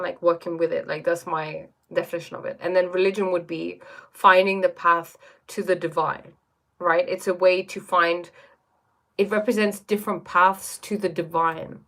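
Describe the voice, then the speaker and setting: A woman hosting a casual stream and answering viewer questions, thinking aloud with fillers and restarts. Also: on the low side. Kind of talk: casual chat.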